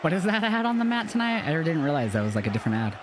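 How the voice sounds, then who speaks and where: Young male streamer, casual wisecracking reaction, lively voice, noisy feed. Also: a little high, racing. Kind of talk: casual live reaction commentary.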